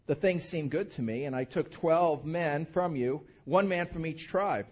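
A male pastor preaching a sermon, reading scripture with animated, enthusiastic emphasis and then leading a prayer. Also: fairly high pitch, takes it slowly, breathy edge. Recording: dull lo-fi sound.

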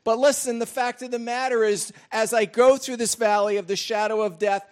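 Older man, pastor, high voice, emphatic sermon, chatty asides. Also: normal speed. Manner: animated, rising to emphatic peaks then dropping to asides.

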